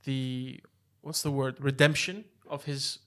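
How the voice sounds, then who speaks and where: A man's voice: mid-range voice, slow pace. A man co-hosting a podcast in casual chat, telling stories with slang and lots of "bro" and "like". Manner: animated storyteller, slangy, says "bro" and "like". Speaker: podcast co-host.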